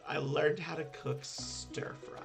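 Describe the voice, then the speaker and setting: A man hosting a casual gaming stream, chatting excitably and swearing casually. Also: a little high, takes it slowly, vocal fry, over loud music.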